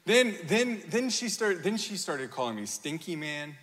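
A man in his thirties preaches with a bright, forceful voice that rings through a large hall with a long reverb. He tells stories with animated energy, acting out quotes and laughing at himself. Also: high-pitched, measured pace. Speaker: pastor. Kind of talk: sermon.

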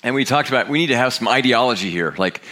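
A man's voice: mid-range voice, animated, fast talker, bright, forceful tone. A man in his sixties, a pastor giving a candid, conversational sermon with frequent restarts. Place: church sanctuary.

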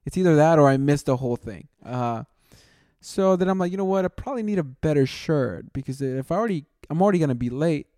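A man's voice: on the high side, expressive, quick pace, mellow, no echo, studio quality. A young man telling a long story in casual chat, rambling and saying "dude" constantly, often laughing at himself.

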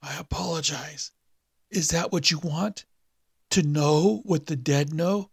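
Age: adult. Type: a man putting on a raspy undead hangman. Trait: whispery. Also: fairly high pitch, dry recording, clean studio sound, voice pushed up, heavily acted. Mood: menacing. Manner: slow, menacing. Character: undead male hangman, mocking and sinister.

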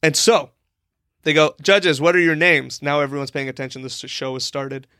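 A young man spins a comic anecdote in a loose, rambling way, filling it with "like" and little acted-out voices for the people he met. His voice sits a touch high for a man. The sound is dry and close. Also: normal speed, pushed and bright, clear, resonant tone, no room sound. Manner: rambling, lots of "like", acts out quoted people. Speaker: podcast co-host. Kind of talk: casual comedic storytelling.

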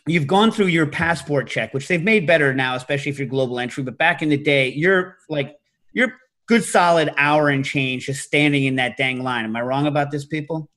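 A middle-aged man hosts a casual chat with a rather high voice. He talks with animated storytelling energy and sometimes jumps to loud, high-pitched imitations. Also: fairly quick. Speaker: podcast host.

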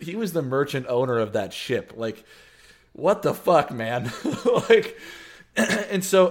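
A man in casual podcast chat, talking animatedly with lots of fillers, swearing and laughs. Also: medium pitch. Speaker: podcast co-host.

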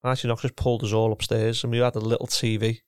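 A man's voice: mid-range voice, completely flat delivery, quick pace, clean tone, no room sound, clean studio sound. A middle-aged man, a former footballer and coach chatting casually, rambling and restarting his sentences. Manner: rambling, repeats words, restarts often. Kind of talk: casual chat.

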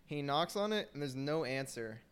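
Young man, casual storyteller, smooth clear voice, loose filler-heavy delivery. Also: medium pitch, animated, moderate pace, a bit bright. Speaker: storyteller in group chat. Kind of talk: casual chat.

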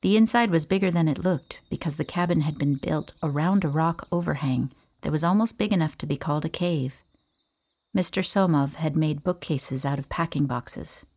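A woman reading a first-person audiobook in a calm, even storytelling manner. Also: low-pitched, moderate pace. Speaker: audiobook narrator.

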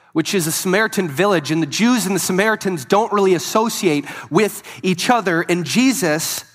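A man's voice: sits high, fairly bright tone. A man preaching a sermon, telling a story in an earnest voice that swells and drops for emphasis. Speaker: pastor.

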